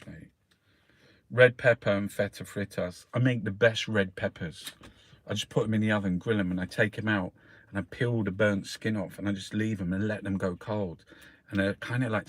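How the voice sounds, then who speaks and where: Swearing Cockney man, low voice. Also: no echo. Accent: London Cockney. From South London, England. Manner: swears constantly, calls listeners mate. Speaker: host reviewing the newspapers. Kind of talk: rambling casual monologue.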